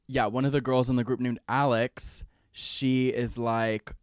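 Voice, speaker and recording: A man's voice: mid-range voice, little pitch movement, measured pace, clean tone, no room sound, studio quality. A young man hosting his own podcast, telling a long story in a chatty, casual way, full of "like" and playful slang. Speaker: podcast host.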